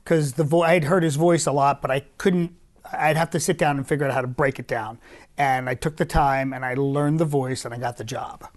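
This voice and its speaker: A man's voice: medium pitch, steady tone, brisk. A man who is a voice impressionist, answering interview questions and explaining how he breaks down voices. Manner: explains voice technique in detail, with restarts.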